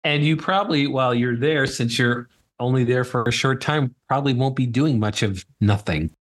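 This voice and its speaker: A man co-hosting a podcast, explaining things in a measured, thoughtful way. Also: medium pitch. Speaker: podcast co-host. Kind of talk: casual podcast chat.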